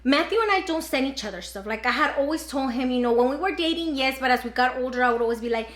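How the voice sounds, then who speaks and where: A woman's voice: high voice, animated, fast, fairly bright tone. A young woman vlogging at home, telling a story to her viewers in a chatty way full of fillers. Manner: chatty, filler-heavy, "like" throughout. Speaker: vlogger, mother. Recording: roomy echo.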